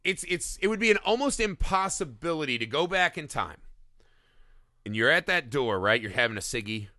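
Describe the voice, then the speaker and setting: A man co-hosts a movie podcast in a loose, rambling way, swearing often. His voice sits a little high and sounds bright and forceful. It is recorded close and dry. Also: sing-song, normal speed, dry recording. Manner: rambling, profane, acts out silly voices in his stories. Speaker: podcast co-host. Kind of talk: casual movie-review chat.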